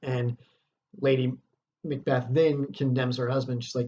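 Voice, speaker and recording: A man's voice: mid-range voice, little pitch movement, unhurried, warm tone, highs cut off. A man teaching a lesson, explaining a play in a casual way with fillers and check-ins.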